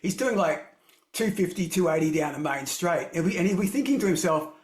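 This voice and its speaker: A man's voice: high-pitched, expressive, a little fast. A man hosting a podcast interview, chatty and rambling, telling long anecdotes. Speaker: podcast host. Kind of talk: casual interview chat. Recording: echoey room.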